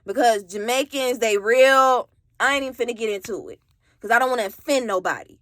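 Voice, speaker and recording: Young woman, bright tense voice with a slightly raised pitch, candid storytime vlog with lots of "like", recorded dry and close. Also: brisk, no room sound. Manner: rambling, frequent "like" and swearing, candid. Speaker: vlogger telling her own story. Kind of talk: casual storytime monologue.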